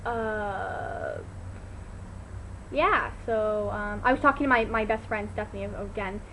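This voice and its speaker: A teenage girl vlogging at home into her laptop, telling a story in an animated, chatty way full of "like" and fillers. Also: mid-range voice, slow pace, slight background noise, poor audio. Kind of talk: casual chat to camera. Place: at home, indoors.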